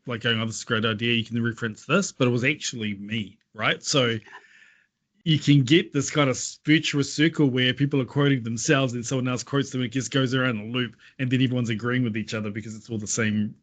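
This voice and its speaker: A man co-hosts an online talk in a relaxed, conversational way. He speaks hesitantly, often restarting words and filling pauses with ums as he shares his experiences. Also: mid-range voice. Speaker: webinar co-host. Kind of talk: casual conversation.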